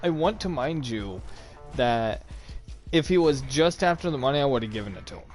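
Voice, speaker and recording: Casual male storyteller, animated, acts out quotes, mid-pitched, faint music under him. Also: moderate pace. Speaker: co-host telling a story.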